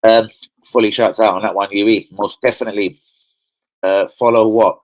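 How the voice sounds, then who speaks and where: A man hosting a football fan stream, talking in an excitable, slangy, profane, rambling way. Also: lowish voice, normal speed, low-quality recording. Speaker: host of a football fan channel. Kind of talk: casual live-stream chat.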